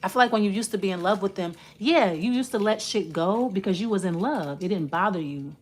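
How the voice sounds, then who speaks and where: A woman in an unscripted tarot reading who swears freely and speaks bluntly, straight to the listener. Her sentences ramble and restart as she pulls cards. Her voice sits at an ordinary middle pitch. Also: fairly quick. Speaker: tarot reader. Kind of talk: casual spoken tarot reading.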